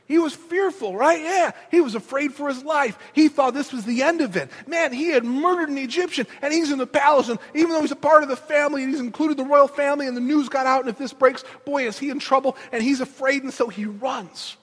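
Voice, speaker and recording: A man's voice: very high voice, fairly quick, hardly any pauses. A male preacher giving an emphatic, conversational sermon and addressing the congregation directly, recorded in a large hall. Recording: long hall reverb.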